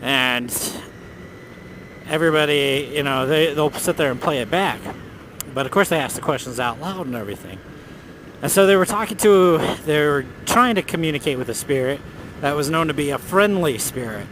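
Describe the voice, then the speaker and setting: A man with a slightly high voice tells a ghost story in a loose, animated, profane way. He talks while riding a motorcycle outdoors, and a faint hiss of road noise runs underneath. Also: moderate pace. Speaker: motovlogger. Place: outdoors on a motorcycle on city roads.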